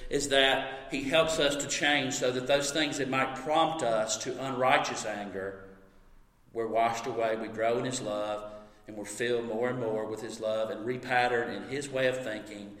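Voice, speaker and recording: Bright-voiced preacher man in an echoey hall. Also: mid-range voice. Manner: storytelling, animated when recounting, soft and slow on reflective points. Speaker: pastor. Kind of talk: sermon.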